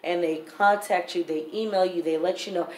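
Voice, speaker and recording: A woman's voice: on the low side, fairly even intonation, moderate pace, darkish tone. Blunt, profane woman telling her story. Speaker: vlogger. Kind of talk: storytime vlog. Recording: roomy echo, faint background noise.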